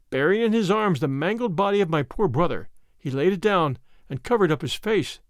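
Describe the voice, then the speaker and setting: A man narrating a classic tale as an audiobook reading, in an expressive, dramatic manner. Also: on the high side, no room sound, clean studio sound.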